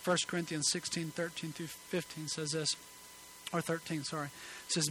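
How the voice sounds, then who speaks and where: A man preaches a sermon from a church stage into a microphone. His voice is bright and forceful and sits a little high. He swings between emphatic calls and quiet pleading, and a faint hum runs under the recording. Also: little pitch movement, moderate pace, low-quality recording. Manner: earnest, emphatic preaching that drops to soft pleading. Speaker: pastor. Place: church sanctuary.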